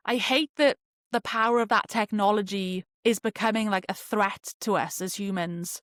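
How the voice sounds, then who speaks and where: A young woman talks through her podcast in a loose, chatty way, leaning on fillers and quick asides. Her voice sits at an ordinary middle pitch. The sound is dry and close, with no room around it. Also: no room sound. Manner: chatty, animated, many fillers like "like". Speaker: podcast host. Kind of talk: casual solo podcast talk.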